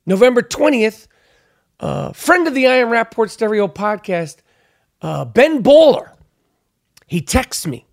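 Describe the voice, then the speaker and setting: High-voiced, profane man ranting on his podcast. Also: big pitch swings, measured pace, gravelly, long pauses. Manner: profane, emphatic, repeats himself. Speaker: podcast host. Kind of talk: casual storytelling rant.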